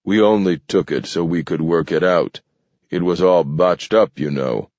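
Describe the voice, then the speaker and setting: A man reading an audiobook, voicing a sly, amused male mutant who talks in a mild, easygoing, quietly mocking way. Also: low-pitched, measured pace, dry recording. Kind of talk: audiobook character voice. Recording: dull, dry studio read.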